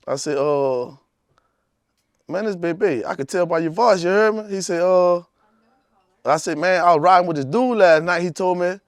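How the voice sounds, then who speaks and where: A man's voice: high-pitched, moderate pace, smooth, no echo. Man telling a rambling story. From Louisiana. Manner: rambling, repeats "you hear me". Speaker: rapper guest. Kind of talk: casual storytelling interview.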